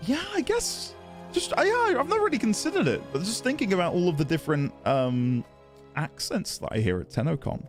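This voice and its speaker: Lively, chatty male streamer. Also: high voice, a little fast, soft background music. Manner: chatty, giggly, self-deprecating. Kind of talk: casual live-stream chat while gaming.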